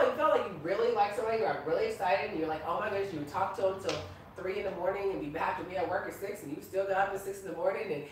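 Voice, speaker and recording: A woman preaching casually from the Bible to a small group, animated and playful, teasing listeners by name with laughter. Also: mid-range voice, a little hiss or hum. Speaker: prophetess teaching a class. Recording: echoey room recorded from far off.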